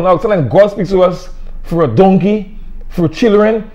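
A man's voice: sits high, moderate pace, mellow, lo-fi sound. A middle-aged man from Saint Lucia with a Saint Lucian accent, preaching an emphatic, repetitive sermon. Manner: emphatic, repetitive, plain-spoken.

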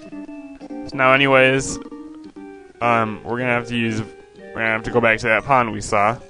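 A man giving quiet, offhand, sarcastic commentary while playing a video game. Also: medium pitch, flat delivery, normal speed, over music. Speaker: let's play commentator.

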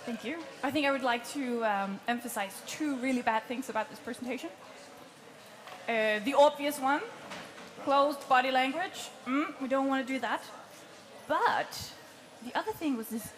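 A woman coaching a group on presenting, chatty and lively, often laughing between points. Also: on the high side, moderate pace, noisy background. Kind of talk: workshop teaching.

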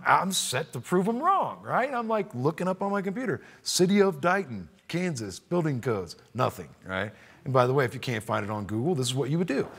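A man who is a roofing contractor and trainer, telling a story casually to camera and acting out the people in it. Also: medium pitch. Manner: animated, acts out quoted voices.

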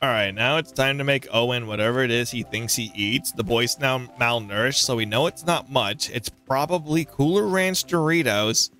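A man's voice: medium pitch, moderate pace, few pauses, sharp tone. A man hosting a let's play, joking sarcastically and reading game dialogue aloud in mocking voices. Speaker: gaming channel host.

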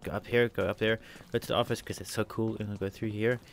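A man's voice: fairly low pitch, level tone, fast, a little hiss or hum. A man commentating a video game as he plays, narrating every move, spelling out letters and repeating himself. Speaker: let's play gamer.

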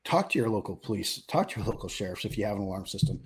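Talking very fast with lively intonation, this middle-aged podcast co-host from the US West Coast has a husky, lowish voice. The chat is casual and conversational, packed with fillers and restarts.

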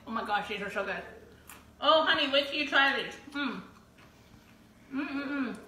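A woman's voice: high-pitched, expressive, a little slow, pauses often, bright, forceful tone, recorded from a distance. A woman hosting a live stream, frying tortilla chips in her home kitchen and chatting to viewers, bubbly and full of whoops. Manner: bubbly, exclaims often with whoops. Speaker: host of a live giveaway show. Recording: roomy echo, voice a bit off-mic, faint room noise.

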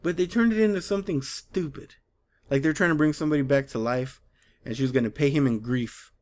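A man vlogging about comics in an exasperated, animated rant, rambling and mocking as he goes. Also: a little high, fairly quick. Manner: rambling with frequent restarts. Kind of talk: casual ranting commentary.

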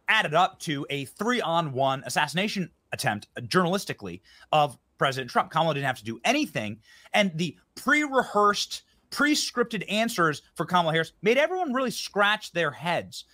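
A man giving heated political commentary, indignant and quick to hurl insults, often restarting his sentences. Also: a little high, pushed and bright. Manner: indignant, name-calling, many restarts.

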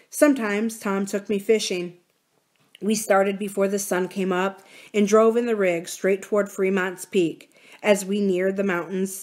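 A woman reading a novel aloud for a library series, in a measured, even storytelling manner. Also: medium pitch. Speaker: library reader.

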